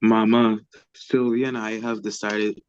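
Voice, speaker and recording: A young man reading aloud the part of a grown son announcing his engagement, in a flat, tired voice. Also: on the low side, measured pace, smooth, lo-fi sound, close to an everyday voice. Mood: earnest. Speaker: student reading Henry in class.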